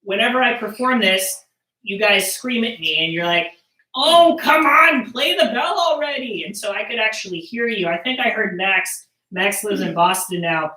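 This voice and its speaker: Over a live stream, a woman with a medium-pitched, bright, forceful voice performs and teaches percussion storytelling to children at a moderate pace. She's playful and jokey with the kids, and the sound is roomy with the mic at a distance.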